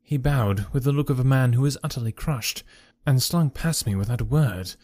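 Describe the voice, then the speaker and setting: A man's voice: medium pitch, normal speed, a little mellow, no room sound, studio quality. Man narrating a story formally. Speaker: audiobook narrator. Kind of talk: scripted narration.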